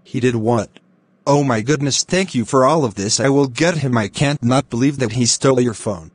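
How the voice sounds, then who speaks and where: A man's synthetic-sounding voice reading every part of a grounded video in a flat, robotic way. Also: mid-range voice, moderate pace, husky, no echo. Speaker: narrator voicing all parts. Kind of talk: text-to-speech grounded-video narration.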